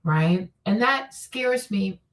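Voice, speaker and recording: Slow and expressive, her mid-range voice comes through a distant mic. As host of a casual vlog, she states blunt opinions emphatically, swears liberally, and keeps saying "okay?" and "right?".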